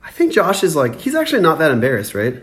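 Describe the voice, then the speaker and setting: A quick-talking man co-hosts a podcast, retelling a film scene by scene in a casual chat. He slips into the characters' lines as he goes, and his voice carries some room echo. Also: on the high side. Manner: animated, acts out characters' lines. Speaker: podcast co-host. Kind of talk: casual movie recap chat.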